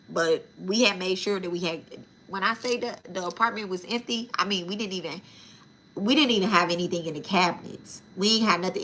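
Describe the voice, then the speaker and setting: A woman's voice: mid-range voice, bright, forceful tone. A woman telling a story casually and animatedly, with a lot of profanity and asides to her viewers as y'all. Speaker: spiritual channel host.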